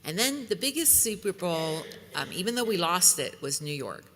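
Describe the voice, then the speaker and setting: Low-voiced woman telling stories in a hall. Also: moderate pace. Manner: lively anecdotal storytelling with laughter. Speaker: convention guest speaker. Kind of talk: storytelling speech to an audience. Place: convention hall. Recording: long reverb in a large hall.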